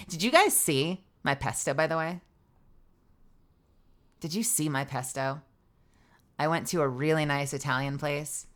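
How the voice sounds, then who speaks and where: A woman streamer in relaxed live chat, her voice bright and sharp with a slightly low pitch. She jokes, teases herself and swears without a second thought. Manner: playful, self-deprecating, joking, swears freely. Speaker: livestreamer.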